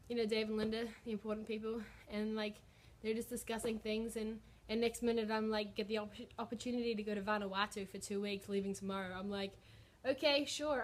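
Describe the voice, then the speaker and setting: A young woman, chatting in a bubbly, filler-heavy way as she shares a personal faith story on her vlog. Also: a little high. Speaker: vlogger. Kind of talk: casual testimony vlog.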